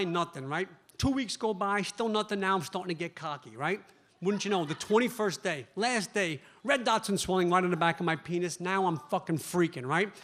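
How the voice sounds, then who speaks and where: A man's voice: high voice, background noise. A male stand-up comedian telling an anxious story on a club stage, checking in with "right?". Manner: fast storytelling, frequent "right?". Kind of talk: stand-up set.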